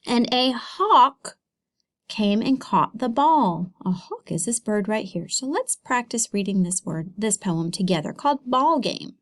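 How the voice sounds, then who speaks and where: Woman teacher, phonics video for kids; slow, patient, encouraging, close mic. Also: on the high side, lively intonation. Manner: slow, encouraging, sounds words out for young kids. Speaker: elementary school teacher. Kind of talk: recorded phonics lesson for children.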